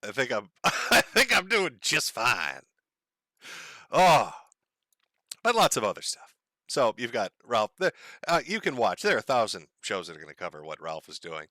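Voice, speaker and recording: A man's voice: mid-range voice, wildly swooping pitch, moderate pace, sharp tone, dry recording. A man from the United States hosting a casual livestream, talking in a profane, sardonic way and chuckling often. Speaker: livestream host.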